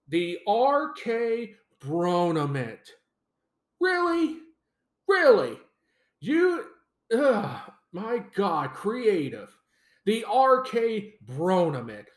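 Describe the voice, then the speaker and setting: A podcast host delivering a solo rant, exasperated and sarcastic, who repeats phrases for emphasis. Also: mid-range voice. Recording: roomy echo.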